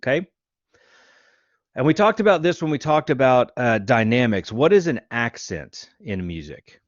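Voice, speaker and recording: A man teaching a music class, counting beats out loud and showing rhythms on guitar. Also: medium pitch, very animated, moderate pace, dry recording, highs cut off. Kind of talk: lecture.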